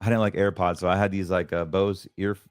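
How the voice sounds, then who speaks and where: A middle-aged man hosting a show, telling an earnest personal testimony in a casual, preaching way that grows quiet and emotional. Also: flat delivery, fairly quick, smooth, no echo, studio quality. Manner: earnest and preachy, voice drops low when emotional. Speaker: podcast host.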